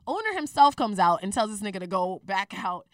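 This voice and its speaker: A young woman in her twenties telling a personal story in a candid, profane, animated way on a casual talk show. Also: medium pitch, a little fast, no echo, studio quality, recorded from a distance.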